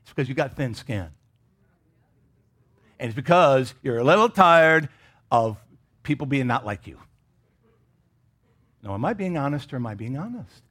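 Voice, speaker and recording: A middle-aged man from Michigan preaching a sermon as pastor, animated and joking with the congregation in casual asides. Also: mid-range voice, moderate pace, long pauses, husky.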